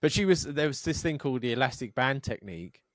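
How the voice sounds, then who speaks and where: A man in casual podcast chat who tells long, rambling, sweary stories and slips into the voices of the people in them. His pitch sits in the middle for a man. The sound is dry and close, with no room around him. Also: lively intonation, fast, no echo. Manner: sweary, rambling storytelling with acted-out quotes. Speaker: podcast co-host.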